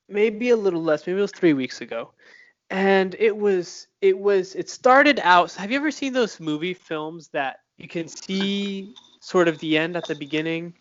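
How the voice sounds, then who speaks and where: A young man co-hosting a casual podcast, talking bluntly and chattily with lots of fillers and quick laughs. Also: high voice, a bit bright, no room sound. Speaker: podcast co-host. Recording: dull lo-fi sound.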